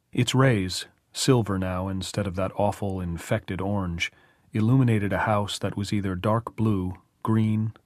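A man narrating an audiobook in measured, even storytelling. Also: on the low side, no echo, studio quality. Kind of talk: scripted narration.

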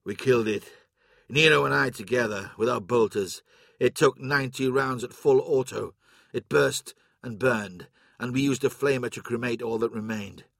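Subdued guilty young soldier, read by a man, a bit low, gravelly and husky. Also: moderate pace, fairly bright tone, dry recording, clean studio sound. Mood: somber. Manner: somber and subdued. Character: troubled, guilt-ridden young male soldier.

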